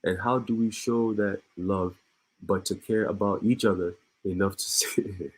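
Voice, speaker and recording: Guy reading news and riffing on it, low husky voice, keeps stopping to laugh and restart. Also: steady tone, a little slow, low-quality recording. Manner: reads news aloud and breaks off with laughs and asides; repeats and restarts words. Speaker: online commentator. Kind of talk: casual reading and commentary.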